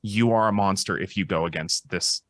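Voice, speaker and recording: A man's voice: sits low, moderate pace, no room sound. A man co-hosting a casual panel discussion, thinking aloud in long sentences with frequent restarts. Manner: thoughtful, restarts often, lectures on history. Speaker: psychologist co-host.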